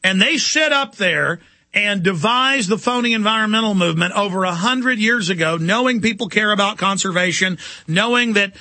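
A man's voice: high-pitched, pushed and bright, no echo. A man delivering an impassioned, indignant talk radio monologue as the show's host.

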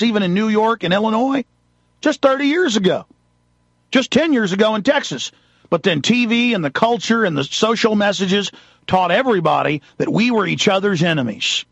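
Gravelly heated male talk host. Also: high-pitched, no room sound. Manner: forceful, heated, acts out quotes dramatically. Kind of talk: ranting monologue.

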